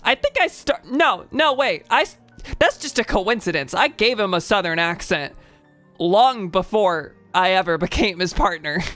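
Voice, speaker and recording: A woman's voice: medium pitch, lively intonation, moderate pace, a bit bright, soft background music. A young adult woman streamer giving casual gaming commentary with chatty, wry asides.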